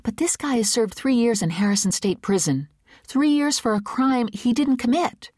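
A woman voicing an eager, pushy young woman reporter who talks quickly and pleadingly. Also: on the high side, a little mellow, no echo, studio quality, pitched above the performer's own voice, lightly acted.

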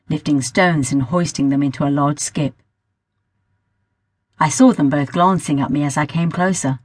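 Husky-voiced woman narrating an audiobook. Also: low voice, no echo, studio quality. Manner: measured storytelling, sometimes rereading a line. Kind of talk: first-person audiobook narration.

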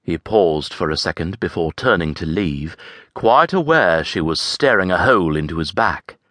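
A male audiobook narrator with a low voice that moves with lively intonation. He tells the story in a measured, expressive way. The sound is close and completely dry. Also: no room sound. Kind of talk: scripted narration.

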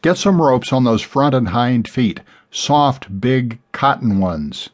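A man's voice: mid-range voice, expressive, slow. A man doing a curt, commanding horse vet. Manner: curt, barking orders. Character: tense male horse vet, commanding under pressure.

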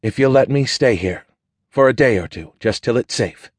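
Jumpy young woman hiding out, urgent and pleading, a bit husky, guy doing her voice. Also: medium pitch, lively intonation, normal speed, dry recording, natural voice. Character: frightened young woman on the run.

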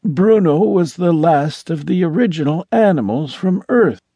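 A man voicing a polite, cheerful blue-skinned alien gentleman in an audiobook, speaking with mild, precise courtesy. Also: fairly high pitch, animated, a little slow, husky, no room sound, pitched above the performer's own voice, full character voice. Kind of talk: audiobook character voice.

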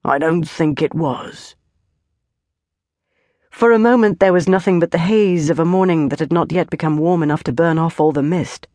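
Woman reading fantasy audiobook, steady measured, dry close mic. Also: on the low side, dry recording. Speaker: audiobook narrator. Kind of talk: scripted fantasy narration.

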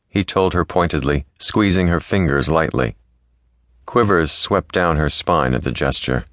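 Man, very low voice, historical romance audiobook, smooth storytelling, dry close recording. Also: normal speed, a bit bright, no echo. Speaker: audiobook narrator. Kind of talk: scripted romance narration.

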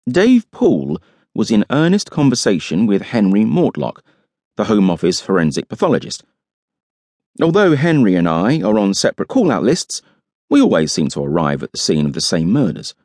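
A man's voice: lowish voice, huge pitch swings, normal speed, darkish tone, dry recording. A man narrating a first-person audiobook with wry, dry humour.

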